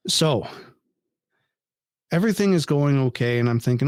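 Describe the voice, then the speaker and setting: A man's voice: medium pitch, normal speed, long pauses, clear, resonant tone, no echo. Man telling a story on a dry podcast mic. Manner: animated, swears freely, incredulous. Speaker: podcast guest. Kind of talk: casual storytelling chat.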